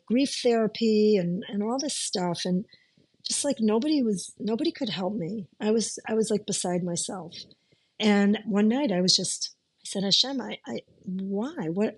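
A middle-aged woman from the United States telling her life story in an interview, speaking conversationally and emotionally, with many restarts and fillers. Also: mid-range voice.

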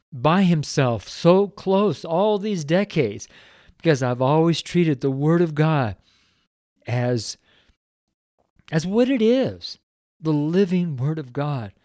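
A man's voice: a little high, a little mellow, dry recording, studio quality. A middle-aged man reading the Bible aloud and talking about it in a devotional way. He is earnest and emotional, and his voice swells when he reads the praise passages. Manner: reads scripture aloud with rising fervor. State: choked up at times.

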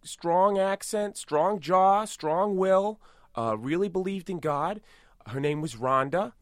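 Brief: man playing a boastful tough-guy celebrity, rambling and absurd, fairly high voice, dry close mic. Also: takes it slowly, no echo. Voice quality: rambling, self-aggrandizing, deadpan absurd. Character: boastful tough-guy movie star impression, male adult. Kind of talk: improvised comedy podcast.

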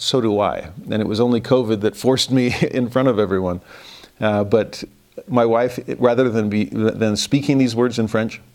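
With a fairly low, darkish voice, a man teaches a Christmas devotional, sincere and thoughtful, occasionally poking fun at himself.

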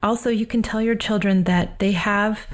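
A woman hosting a solo parenting podcast, talking in a calm, earnest and reflective way and slowing down on key phrases. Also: mid-range voice. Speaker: parenting coach and podcast host.

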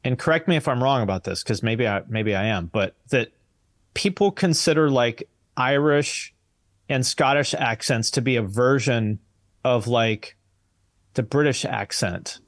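Male podcast host, mid pitch, blunt and wry, dry close-miked sound. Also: unhurried, dry recording. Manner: blunt, joking, swears freely. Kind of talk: casual chat.

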